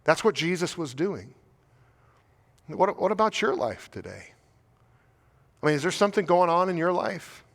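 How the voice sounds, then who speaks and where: Earnest American pastor in a reverberant hall. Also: male voice, a little high, sing-song, moderate pace, creaky, pauses often. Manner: earnest, pleading, repeats words and rhetorical questions. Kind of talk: sermon. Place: church sanctuary.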